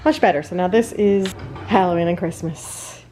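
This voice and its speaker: A woman's voice: lowish voice, moderate pace, warm tone. A woman in her thirties chatting casually to camera at home in a home vlog, upbeat and thinking aloud as she talks. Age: 30s. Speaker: vlogger.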